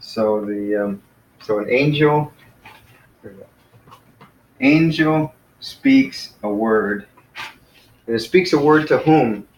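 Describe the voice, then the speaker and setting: Teacher explaining from across an echoey room. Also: male voice, mid-range voice, slight background noise. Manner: explains patiently, slows to sound out Greek words. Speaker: Greek teacher. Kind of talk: informal classroom lesson. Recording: echoey room, mic far off.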